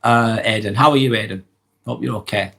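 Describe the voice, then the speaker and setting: A man from Lancashire with a Lancashire accent and a head cold. He talks in a middle-pitched voice that is run down and a little stuffy. His live-stream chat is relaxed and earnest, and he rambles with fillers and the odd sigh. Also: fairly quick, creaky. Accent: Lancashire English. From Lancashire, England. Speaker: vlogger hosting a live stream. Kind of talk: casual live-stream chat, reading comments aloud.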